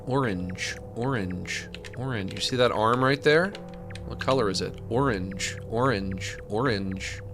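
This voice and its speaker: A man with a lowish voice streams a game at an unhurried pace, rambling and joking to himself and his chat. It's casual live-stream commentary, with game music playing behind him.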